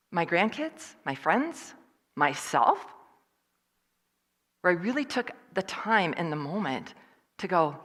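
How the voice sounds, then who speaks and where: Older woman, motivational storyteller, slightly low voice, acts out quotes, long hall reverb. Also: a bit bright. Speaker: motivational speaker. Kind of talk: storytelling talk.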